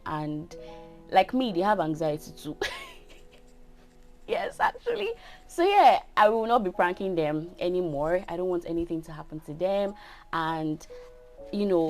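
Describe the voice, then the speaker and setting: Young Nigerian woman, 20, casual chatty vlogger, slightly low voice. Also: darkish tone. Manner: chatty, often asks "do you get?". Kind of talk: casual storytime.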